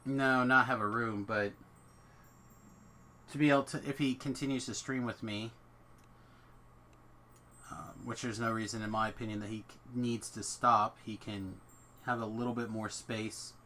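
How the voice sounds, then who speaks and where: A man's voice: medium pitch, steady tone, moderate pace, pauses often, bright, forceful tone. A man hosting a game stream from home, chatting casually and thinking aloud as he plays. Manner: rambling, thinks aloud about his setup. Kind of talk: casual chat while gaming.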